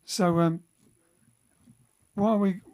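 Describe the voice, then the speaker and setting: Speaking slowly in a high-pitched, darkish voice with fairly even intonation, a man hosts a band livestream from home in lockdown. As the group's bandleader and singer, he rambles and chats casually between songs, often correcting himself.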